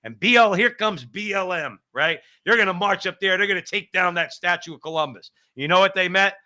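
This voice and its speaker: A man in his fifties from New Jersey hosts a political talk show and tells his stories in an animated way. His voice is bright and sits a little high, and he loops back with repeats and asides. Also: fairly quick. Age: 50s. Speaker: host.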